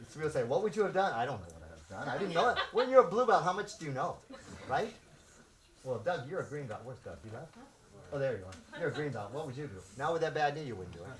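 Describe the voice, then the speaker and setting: A man in his sixties who grew up in Los Angeles, a martial arts instructor telling stories to his students and acting out the shouts, laughing often. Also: on the high side. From South Central Los Angeles. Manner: animated, acts out shouts and quotes, laughs often. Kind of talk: storytelling to students.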